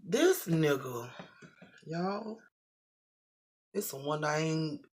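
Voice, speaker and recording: A middle-aged vlogger tells a story casually to the camera in a husky, slightly breathy voice. The delivery is animated and full of profanity, slipping into the voices of the people in the story. The pitch sits in the middle of the range. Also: drawn-out words.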